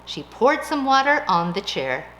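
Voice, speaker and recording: A woman reading a picture book aloud to a child in a gentle, expressive, sing-song way. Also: mid-range voice, measured pace, slight background noise. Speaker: reader of a bedtime story.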